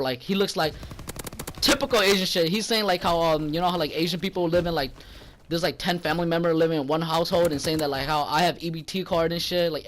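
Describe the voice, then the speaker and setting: A man's voice: high-pitched, slight background noise. A young man telling a profane, rambling story about a rude customer at work, getting heated when he quotes himself. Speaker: gaming channel vlogger. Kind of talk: casual storytelling.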